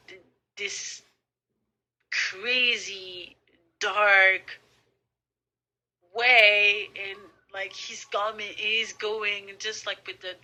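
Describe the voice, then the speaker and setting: Slow, bright-voiced woman gushing about films. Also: medium pitch, rough recording. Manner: enthusiastic, repeats "and" and "like". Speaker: podcast co-host. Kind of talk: casual fan chat.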